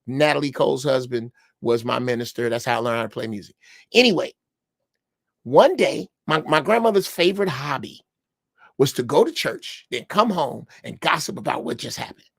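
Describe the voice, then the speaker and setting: A man's voice: mid-range voice, expressive, moderate pace, vocal fry, slightly rough, dry recording. Older chicago guy on a podcast, blunt and swearing, telling stories, dry sound. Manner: storytelling, blunt, profane. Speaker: podcast panelist. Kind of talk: casual chat.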